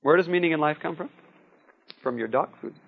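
A man lectures to a class in a loose, conversational way, often pausing to check in with his listeners. His voice sits a little high for a man, and the recording is dull and lo-fi. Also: vocal fry, slightly rough. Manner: conversational, frequent "okay?" and "see?" checks.

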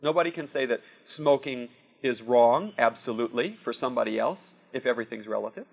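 Gravelly man preaching, dull lo-fi sound. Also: medium pitch, fairly quick. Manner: conversational, often asks "See?" and "Okay?". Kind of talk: sermon with personal anecdotes. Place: room with a live audience. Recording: dull lo-fi recording.

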